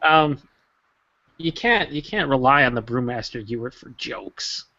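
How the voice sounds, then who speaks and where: Gravelly-voiced guy joking around on a video call, dull lo-fi sound. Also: medium pitch, expressive, unhurried, bright, forceful tone, no echo. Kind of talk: casual group chat. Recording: lo-fi call audio.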